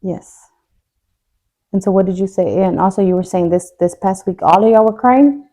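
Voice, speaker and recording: A young adult woman speaks in a mellow, warm voice with no edge. She tells a hard family story candidly, joking to cope and dropping her voice when tears come close. The delivery is casual and unscripted. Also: mid-range voice, normal speed. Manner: candid, jokes to cope, voice drops when tearful. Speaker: podcast co-host.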